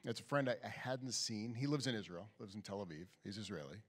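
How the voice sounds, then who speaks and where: Man, rabbi, sermon, lively storytelling, swooping pitch, long hall reverb. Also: quick pace. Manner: storytelling, animated, acts out quoted voices. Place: synagogue sanctuary.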